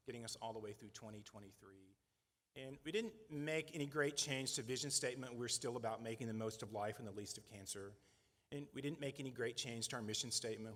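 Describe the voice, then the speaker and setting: In a large, echoey banquet hall, a middle-aged man heading a nonprofit speaks to donors over a fundraising breakfast. His fairly bright, medium-pitched voice stays earnest and conversational, with frequent "right?" tag questions.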